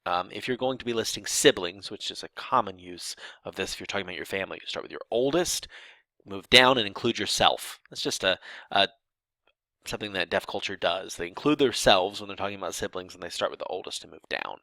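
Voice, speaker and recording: A man's voice: deep voice, fairly quick, bright, forceful tone, no room sound. A man teaching sign language grammar in a lecture, explaining step by step with fillers and restarts and acting out example sentences.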